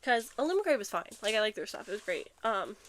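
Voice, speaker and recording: A young woman vlogging a book unboxing in a casual, chatty way, excitable and giggly, a bit out of breath. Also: medium pitch, quick pace, slight background noise. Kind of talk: casual chat and reading blurbs aloud.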